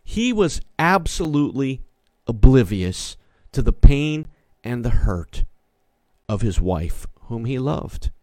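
A man's voice: medium pitch, very animated, takes it slowly, a little mellow, no room sound. Emphatic male pastor preaching from a studio. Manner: emphatic, repeats key phrases, calls on listeners. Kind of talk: sermon. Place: small studio.

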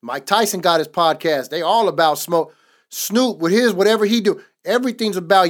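A man's voice: high voice, normal speed. A man on a podcast giving a casual, emphatic faith testimony in a repetitive, preaching cadence. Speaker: podcast co-host.

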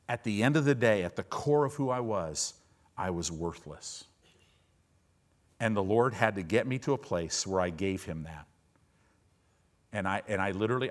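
Male pastor, earnest sermon delivery, quiet to fervent. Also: fairly low pitch. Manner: earnest, building from quiet intimacy to loud fervor.

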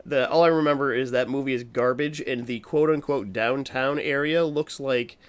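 A man in a relaxed podcast conversation, middle of the road in pitch. He rambles, circles back on himself and swears freely to stress his opinions. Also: normal speed, clean tone. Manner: profane, emphatic, rambling with restarts. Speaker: podcast co-host. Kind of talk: casual horror movie chat.

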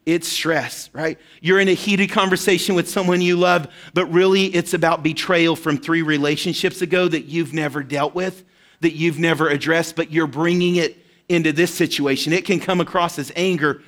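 A man's voice: on the high side, steady tone, normal speed, fairly bright tone. A man, likely in his thirties, preaching a sermon in a conversational, storytelling way, often checking in with "right?". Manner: conversational, personal storytelling with frequent "right?" asides. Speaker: pastor.

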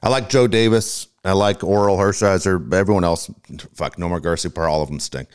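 A man co-hosting a casual sports talk show, swearing freely and telling animated stories. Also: low voice, moderate pace, smooth. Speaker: co-host.

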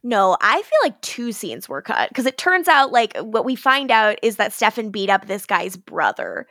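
A woman's voice: fairly high pitch, sing-song, normal speed, a bit bright, no echo, studio quality. A woman co-hosting a podcast, casually recapping a TV episode, laughing often and swearing freely.

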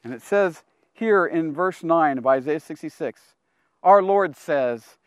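A man hosting a Bible teaching program. He preaches with passion, swings from loud to hushed, and often repeats words as he restarts. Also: a little high, animated, unhurried, no echo, studio quality. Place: outdoors among people in a public place.

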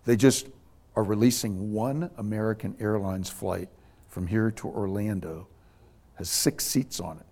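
A man's voice: fairly low pitch, measured pace. A middle-aged man, a pastor, telling a personal story in a casual way and acting out the people he quotes. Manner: animated anecdote teller, voices quoted people.

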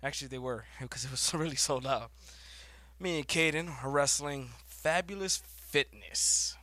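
A man's voice: mid-range voice, moderate pace, no echo. A man co-hosting a casual chat, telling wrestling stories, laughing often and acting out what people said. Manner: laughs often, acts out quotes in animated voices. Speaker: co-host, pro wrestler.

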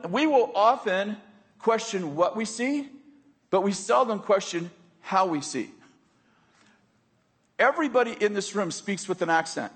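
A man's voice: high-pitched, breathy edge. An American man preaching a sermon in a conversational, joking way, often checking in with his listeners.

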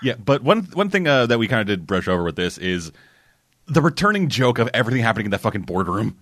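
A man's voice: on the low side, sing-song, fast, fairly bright tone, dry recording. A man co-hosting a podcast in casual, dry, wry and profane chat. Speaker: podcast co-host.

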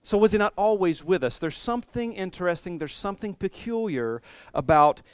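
A man's voice: high voice, animated, a little fast, clear, resonant tone, no room sound. A male pastor preaching a sermon in a conversational, humorous and musing way.

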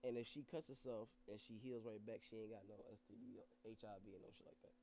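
A man's voice: on the low side, quick pace, creaky, a little hiss or hum. A man in his thirties telling stories in casual chat, swearing freely and acting out what people said. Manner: animated, swearing, acts out quotes in voices.

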